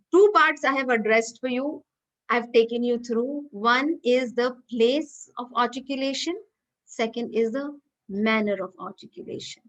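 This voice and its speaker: High-voiced Indian English woman teaching. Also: a bit bright, poor audio. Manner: patient, explains step by step, repeats key points. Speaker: lecturer. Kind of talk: online class lecture.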